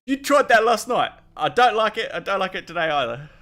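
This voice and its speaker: Man voicing a blunt annoyed bloke, bright sharp tone, tabletop game. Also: sits high, big pitch swings, a little fast, pitched above the performer's own voice, heavily acted. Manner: blunt, curt complaints. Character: gruff adult man who punched someone.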